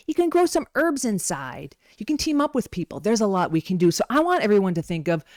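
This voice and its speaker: A woman's voice: medium pitch, darkish tone, no room sound, studio quality. A woman giving a casual wellness talk, chatty and playful, wandering into stories and asides, on a modest home microphone. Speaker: wellness presenter. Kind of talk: casual teaching talk with storytelling.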